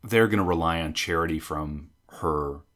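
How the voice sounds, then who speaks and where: A man's voice: extremely low pitch, normal speed, fairly bright tone. An American man hosting a podcast, chatting casually and giving opinions at length. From United States. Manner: opinionated, expansive, teasing. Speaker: podcast host.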